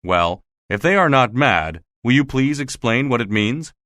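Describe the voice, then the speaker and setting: A man's voice: mid-range voice, lively intonation, measured pace, bright, forceful tone, no echo, studio quality. A man voicing an insistent, suspicious male theater official who keeps pressing questions, in a storybook reading. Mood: demanding.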